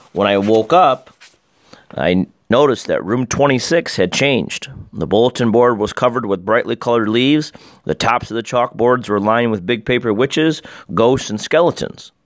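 A man giving expressive first-person storybook narration as an audiobook narrator. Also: medium pitch, no room sound, studio quality.

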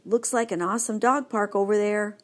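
A woman voicing an excitable young male dog in a storybook reading, bouncy and enthusiastic. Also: mid-range voice, a little fast, close to an everyday voice. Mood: eager.

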